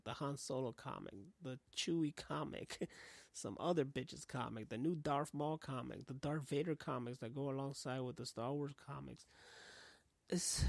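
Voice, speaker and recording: New york guy rambling on his podcast, gravelly, swears a lot, dry close sound. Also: mid-range voice, no room sound. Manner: profane, animated, acts out dialogue in voices. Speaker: podcast host. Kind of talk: casual rambling monologue.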